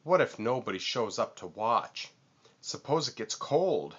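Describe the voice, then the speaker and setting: A man's voice: medium pitch, very animated, a little slow, a bit bright, slightly rough, dull audio, exaggerated voice. A man voicing an anxious male walrus in a storybook read-aloud, sighing and moaning with worry. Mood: worried.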